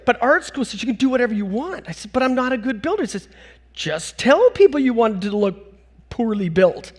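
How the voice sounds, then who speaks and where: A middle-aged man from Canada telling funny stories from his life in a talk on stage, acting out the people he quotes. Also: brisk. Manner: animated, acts out quotes with big jumps in pitch. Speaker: conference speaker.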